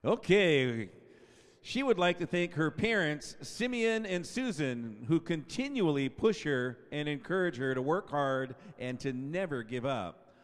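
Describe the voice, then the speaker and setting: A man's voice: on the high side, big pitch swings, unhurried. Man in his fifties announcing in an echoey gym. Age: 50s. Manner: stretches and belts out player names, chatty asides. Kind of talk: senior night announcing. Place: school gym. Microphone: PA microphone. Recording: echoey gymnasium PA sound.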